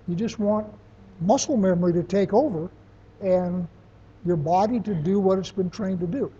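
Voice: mid-range voice, dark tone, husky, highs cut off. A teacher giving a classroom lecture, talking plainly and using everyday examples.

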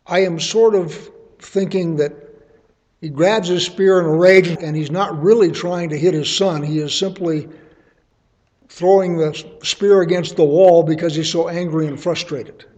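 A man's voice: fairly high pitch, a little mellow. A middle-aged man teaching the Bible verse by verse, reading passages aloud and then explaining them in casual, everyday terms.

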